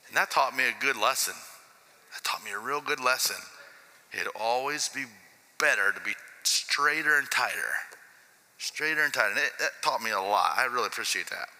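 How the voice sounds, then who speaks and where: A man's voice: medium pitch, lively intonation, moderate pace, sharp tone, in a large hall, low-quality recording. A man preaching a sermon emphatically, often repeating key phrases for effect.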